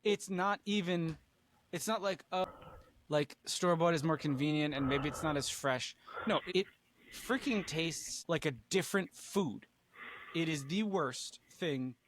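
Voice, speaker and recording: A slightly drunk man co-hosting a podcast, chatting casually with halting restarts and swearing. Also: on the high side, noisy background. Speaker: podcast co-host. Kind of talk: casual chat.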